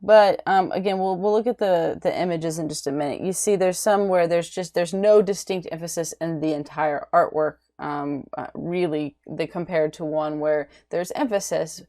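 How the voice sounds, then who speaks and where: A woman teaching an art lecture, halting, with many ums and restarts, often checking in with "right?". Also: fairly low pitch, darkish tone. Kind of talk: recorded lecture.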